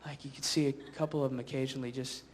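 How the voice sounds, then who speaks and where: A man doing stand-up comedy on stage before a live audience, rambling and sardonic, slipping into quick voices. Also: mid-range voice, level tone. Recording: live stage with noisy crowd.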